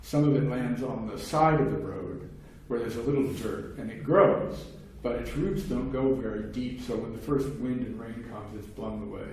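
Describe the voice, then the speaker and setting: A man's voice: medium pitch, normal speed, hardly any pauses, a little mellow. A man giving a conversational academic lecture on philosophy, explaining at length with wry, casual asides. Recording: very echoey room, distant mic, faint noise.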